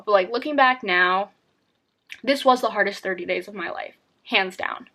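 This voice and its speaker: A woman's voice: mid-range voice, normal speed, bright, forceful tone. A young woman speaks straight to her viewers in a personal vlog, telling her own story. She rambles candidly, often restarting sentences and filling gaps with small verbal fillers. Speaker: vlogger.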